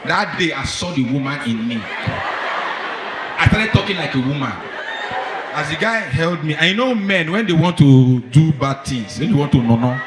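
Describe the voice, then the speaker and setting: Animated male stand-up comic in an echoey club. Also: fairly high pitch, normal speed, background noise. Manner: animated, addresses the men in the audience directly. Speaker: stand-up comedian. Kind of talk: stand-up comedy storytelling. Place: comedy club stage. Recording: echoey live club, from far off, crowd.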